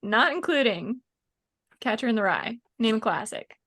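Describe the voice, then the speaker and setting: A woman hosting a book podcast and running a quiz, giggly and quick to agree. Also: a little high, expressive, fairly bright tone, dry recording, clean studio sound. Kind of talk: casual chat.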